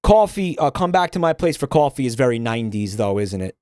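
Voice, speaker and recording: A man's voice: medium pitch, very animated, brisk, darkish tone, no echo, clean studio sound. A man streaming, ranting bluntly and swearing a lot in casual livestream commentary.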